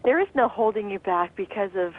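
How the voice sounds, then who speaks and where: Bubbly voice actress on a phone line. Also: female voice, medium pitch, lively intonation, a little fast, slightly rough. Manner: bubbly, playful, laughs often. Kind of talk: casual radio interview. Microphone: telephone. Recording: muffled telephone line.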